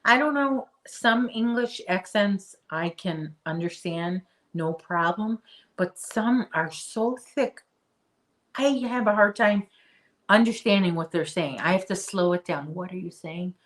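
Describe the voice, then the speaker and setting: A woman's voice: mid-range voice, animated, slow pace. A woman hosting a crochet livestream, chatting casually with her viewers and answering their comments, often restarting her sentences. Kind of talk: casual live chat while crocheting.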